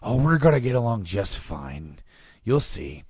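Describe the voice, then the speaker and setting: A man's voice: mid-range voice, big pitch swings, unhurried, darkish tone, slightly rough, dry recording, studio quality. A man putting on a voice for a sly, overly friendly male Joker, with teasing sing-song delivery. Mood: taunting.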